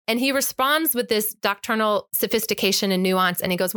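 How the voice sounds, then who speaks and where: A woman's voice: medium pitch, fairly quick, hardly any pauses, fairly bright tone, smooth, no room sound, clean studio sound. An emphatic, impassioned woman telling a personal story as a guest in conversation, acting out the exchanges. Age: adult with an eight-year-old child.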